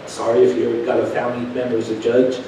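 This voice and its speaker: Guy preaching a testimony, hushed then loud, far off mic, lots of echo and a low rumble behind. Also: fast. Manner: animated storytelling that swings from hushed to loud. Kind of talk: sermon testimony. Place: church. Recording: echoey church from a distant mic with background rumble.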